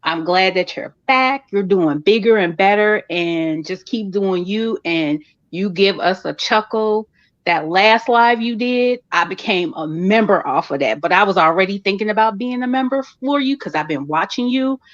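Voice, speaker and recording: A woman's voice: medium pitch, animated, normal speed, no room sound. Effusive woman on dull, dry call audio. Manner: effusive and encouraging, repeats praise. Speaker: viewer calling in to a live stream. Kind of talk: casual live-stream call-in.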